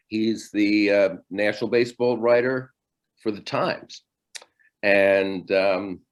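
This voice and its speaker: An older man leads a class over a video call, his voice on the low side and his delivery unhurried. He stops and restarts often and fills the gaps with ums. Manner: halting, many fillers and restarts. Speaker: teacher. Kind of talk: virtual class lecture.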